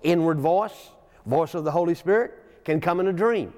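Speaking at a moderate pace, a man with a fairly high, darkish voice delivers a folksy sermon in a church sanctuary. He tells stories with chuckling asides and reads scripture aloud, and the recording carries a long church reverb.

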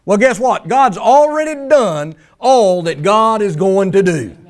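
A man's voice: high-pitched, expressive, a little slow. A male pastor preaching a sermon in a folksy, emphatic way, mimicking pleading prayers for effect.

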